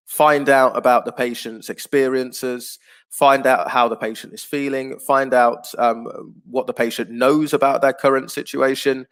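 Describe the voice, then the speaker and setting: Patient male teacher explaining slowly. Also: medium pitch. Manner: patient, explanatory, with frequent fillers. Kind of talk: online class lecture.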